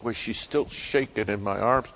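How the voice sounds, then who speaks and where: Fervent preacher man, low voice. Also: normal speed. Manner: dramatic, swinging between loud and hushed delivery. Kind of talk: sermon storytelling.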